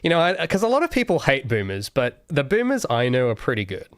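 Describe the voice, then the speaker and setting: A man's voice: medium pitch, huge pitch swings, fairly quick, dry recording. Young guy rambling on his stream, lots of restarts, dry close sound. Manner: rambling, thinks aloud with many restarts. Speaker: solo game developer streamer. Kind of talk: casual livestream Q&A.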